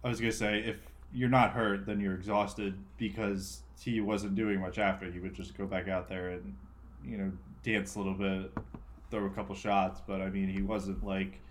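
A man co-hosting a casual sports chat, relaxed and hesitant, often trailing off mid-thought. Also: low voice, moderate pace. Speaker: co-host.

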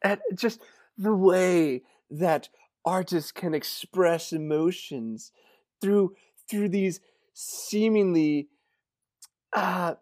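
A man's voice: high voice, drawn-out words, darkish tone. A man voicing a snooty, effusive female art lover in an improvised comedy podcast, gushing theatrically over pretentious pieces.

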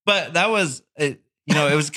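A man's voice: fairly high pitch, huge pitch swings, measured pace, sharp tone. A man as a podcast guest telling a long story in casual chat, rambling and profane, full of "dude" and "like.". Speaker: podcast guest, tattoo artist.

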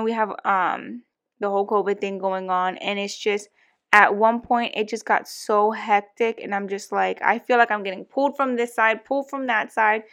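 A woman's voice: medium pitch, a bit bright. A young woman co-hosting a podcast, venting bluntly in casual chat and swearing freely. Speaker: podcast co-host.

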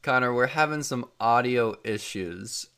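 A man's voice: mid-range voice, measured pace, creaky, bright, forceful tone, clear, resonant tone. A man hosting a podcast in casual chat, teasing and joking, talking over a video call. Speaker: podcast host.

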